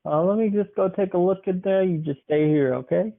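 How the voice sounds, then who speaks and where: A man voicing a calm, matter-of-fact male police officer. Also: high voice, brisk, creaky, pitched above the performer's own voice. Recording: tinny phone-like sound.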